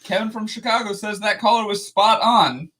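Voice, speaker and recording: A man's voice: high voice, normal speed, sharp tone. A man co-hosting a live call-in stream, joking and sarcastic. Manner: sarcastic, jokey. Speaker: co-host.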